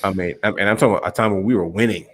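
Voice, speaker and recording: A young man co-hosting a podcast, telling stories in a relaxed, rambling way. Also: lowish voice, very fast. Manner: relaxed, rambling storyteller, calls listener bro. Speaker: podcast co-host. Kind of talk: casual chat.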